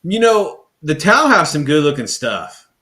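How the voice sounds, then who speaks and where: A man in a casual gamer chat, easygoing and quick to agree and laugh. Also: a little high, very animated, bright, forceful tone.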